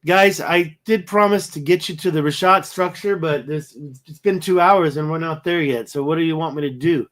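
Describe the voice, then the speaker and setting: This man has a somewhat high voice and sounds worn out. He hosts a casual livestream and rambles, thinking aloud as he looks over pictures. He keeps wondering out loud and trailing off. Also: normal speed, hardly any pauses. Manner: rambling, thinking aloud while browsing photos. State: tired, yawning. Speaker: livestream host.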